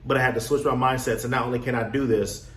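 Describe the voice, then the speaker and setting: Animated man telling a motivational story. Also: medium pitch, fast talker. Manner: animated storyteller, acts out his younger self. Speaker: real estate wholesaling coach. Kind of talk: casual motivational talk. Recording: echoey room, faint background noise.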